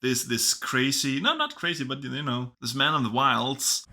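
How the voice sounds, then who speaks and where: A man's voice: mid-range voice, normal speed, background noise. A man casually reviewing films, chatty and enthusiastic. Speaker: film reviewer. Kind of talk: casual video review commentary.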